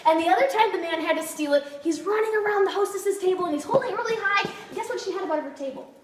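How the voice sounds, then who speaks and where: A woman's voice: extremely high pitch, racing. A woman giving a bubbly, laughing sales demo to a group, asking her audience questions. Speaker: kitchenware party consultant. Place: meeting room with an audience. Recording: echoey room from far off, noisy.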